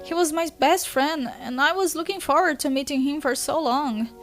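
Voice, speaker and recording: Brief: a woman reading as a tearful teen ghost girl, high and sobbing, with a light music bed. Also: normal speed, lightly acted. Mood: weepy. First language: Brazilian Portuguese. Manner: sobbing boo-hoo cries. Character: weepy sobbing teenage girl sprite.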